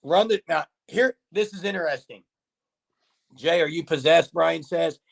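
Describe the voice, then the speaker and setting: A man's voice: a little high, unhurried, creaky. A man hosting a casual sports livestream, chatting and joking with callers and reading out viewer comments. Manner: chatty, jokey, talks straight to viewers. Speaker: host of a sports livestream show.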